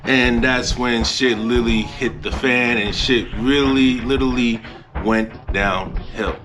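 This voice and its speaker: A man's voice: medium pitch, fairly even intonation, measured pace, music in the background. A man hosting a commentary video, talking in a rambling way with many fillers. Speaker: host. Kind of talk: commentary monologue.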